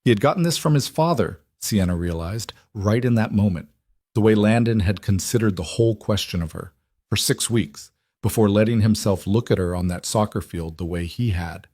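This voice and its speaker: A man reads a scripted story aloud in a measured, even storytelling manner. His voice sits low. The recording is close and dry with no room sound. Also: no room sound. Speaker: narrator. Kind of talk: scripted narration.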